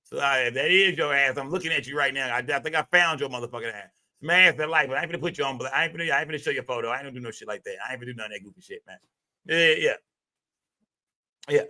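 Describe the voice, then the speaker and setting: A man's voice: medium pitch, pushed and bright. A man hosting a live stream, talking in a loose, rambling and profane way, full of filler tags. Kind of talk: casual live stream commentary.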